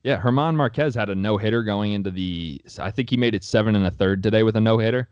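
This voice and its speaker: A young man with a fairly low voice talks sports in a loose, blunt, opinionated way and swears freely. The sound is dry and close, with no room around him. He co-hosts the chat in a casual, offhand tone. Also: fast, darkish tone, smooth, no room sound, lo-fi sound. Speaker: sports podcast co-host.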